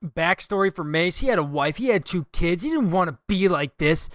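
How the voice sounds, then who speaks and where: A man's voice: high voice, expressive, moderate pace, fairly bright tone, no room sound. A man hosting a podcast, recapping a film in casual chat, often laughing and quoting lines from it. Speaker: podcast host. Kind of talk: casual movie-review chat.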